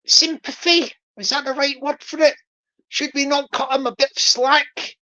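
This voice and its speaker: A woman's voice: high voice, fairly even intonation, normal speed, sharp tone, rough recording. A woman hosting a playful livestream, joking, repeating herself and greeting viewers by name. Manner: jokey, repetitive, greets viewers by name, laughs often. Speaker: livestream host.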